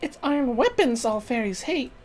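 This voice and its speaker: A man doing a high, lilting young heroine. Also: animated, normal speed. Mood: explaining. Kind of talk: fan voicing of a game's story text.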